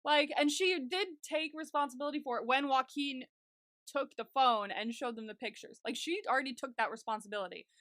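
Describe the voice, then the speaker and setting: A young woman co-hosting a podcast, talking in casual chat, animated and swearing freely. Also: high voice, no room sound, studio quality. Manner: animated, swears freely, quick bursts of anger. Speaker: podcast co-host.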